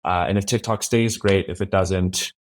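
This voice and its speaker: A man speaking as a podcast guest in a relaxed, rambling way, with frequent restarts and fillers. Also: low-pitched, moderate pace. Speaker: podcast guest, brand creative officer. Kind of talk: casual interview chat.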